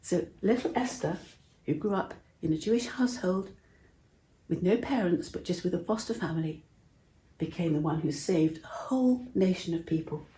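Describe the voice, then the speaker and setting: A woman telling a Bible story to children in a gentle way, asking her listeners questions. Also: on the low side, expressive, moderate pace. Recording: roomy echo.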